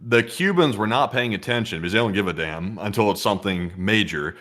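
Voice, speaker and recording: A man's voice: lowish voice, expressive, a little fast, fairly bright tone. Wry, rambling man riffing jokes. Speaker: co-host. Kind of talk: casual comedic chat.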